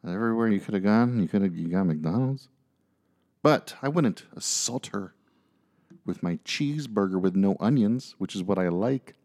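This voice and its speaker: Man, lowish voice, rambling podcast storyteller, filler words, jokey asides. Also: animated, moderate pace, darkish tone. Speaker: podcast co-host. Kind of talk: casual chat.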